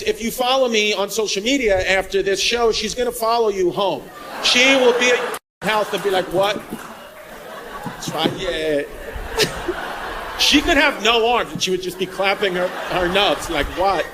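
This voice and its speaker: A male stand-up comedian performing a brash set on a comedy club stage, shouting punchlines over a laughing crowd. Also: high-pitched, animated, moderate pace. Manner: brash, loud bursts of shouting. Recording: live club recording with crowd noise.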